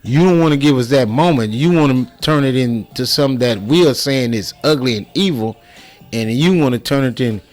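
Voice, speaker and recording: A man's voice: mid-range voice, fairly quick, a little mellow. A man giving impassioned personal commentary, heated and profane, with many restarts and repeated words.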